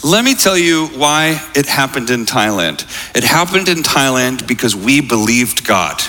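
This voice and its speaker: A man preaching a sermon as a pastor, telling a story with lively, acted-out quotes. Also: mid-range voice, measured pace, a little hiss or hum. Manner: animated storytelling, acts out quotes. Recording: long hall reverb.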